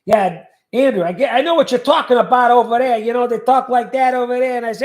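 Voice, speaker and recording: A man's voice: extremely high pitch, fast, few pauses, echoey room. A man hosting a casual livestream, reading viewer comments aloud and joking about them. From California. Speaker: livestream host reading chat.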